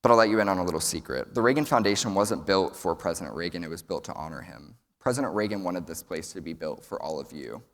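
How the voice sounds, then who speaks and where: A man's voice: sits low, expressive, quick pace, hardly any pauses. A young man from Texas, giving an earnest prepared speech at a summit and telling a folksy joke. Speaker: student speaker. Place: large event hall. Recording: long hall reverb.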